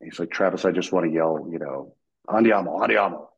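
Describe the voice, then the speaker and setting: Man, deep voice, husky, veteran guest, casual storytelling, acts out voices. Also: quick pace, lo-fi sound. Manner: animated, acts out quoted voices, laughs while telling.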